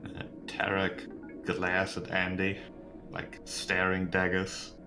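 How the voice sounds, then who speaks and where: A man running a tabletop game as game master, narrating with hesitant pauses. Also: low-pitched, monotone, gravelly, music in the background. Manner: hesitant, filler-heavy narration.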